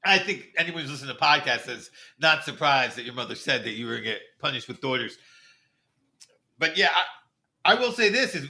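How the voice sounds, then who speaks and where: A man's voice: on the high side, sharp tone. A middle-aged man co-hosting a podcast, talking in a thoughtful, reflective way in casual chat. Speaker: podcast co-host.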